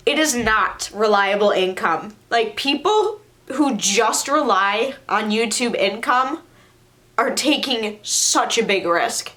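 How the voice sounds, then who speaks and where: A woman's voice: a little high, lively intonation, slow, fairly bright tone. A young woman vlogging to her viewers while crying, upset and frustrated, often repeating herself. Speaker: YouTuber. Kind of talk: emotional vlog to camera.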